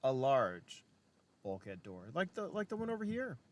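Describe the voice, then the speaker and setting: A man's voice: mid-range voice, huge pitch swings, normal speed. A man narrating as game master of a tabletop game, casual and chatty, swearing often.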